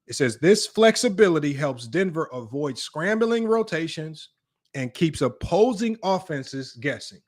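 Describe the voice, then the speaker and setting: A man with a high voice reads basketball numbers off the screen and keeps breaking off to mock his doubters. His delivery is combative and sarcastic, swinging between plain reading and needling taunts aimed at viewers. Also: big pitch swings, unhurried. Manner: combative, mocking, reads data aloud then taunts critics. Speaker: sports debate host. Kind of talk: reading stats and ranting to viewers.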